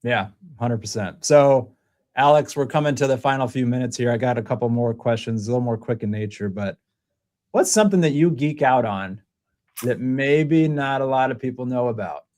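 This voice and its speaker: A man hosting a relaxed interview podcast, talking in an easy, friendly way. He retells stories with animated energy and puts on excited voices for the people he quotes. His voice sits in the middle range. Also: medium pitch, moderate pace. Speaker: podcast host. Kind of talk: casual interview chat.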